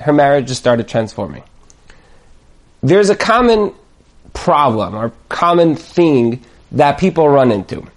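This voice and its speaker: A male Torah teacher with a high voice leads a lively class full of acted-out scenarios. An animated storyteller, he leaps up in pitch to perform the voices he quotes.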